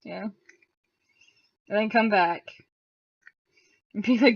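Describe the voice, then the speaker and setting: A woman's voice: mid-range voice, slow, vocal fry, pauses often, breathy edge, poor audio. A woman playing a tabletop role-playing game, laughing a lot and describing and quoting her character. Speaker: player. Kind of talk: tabletop role-play chat.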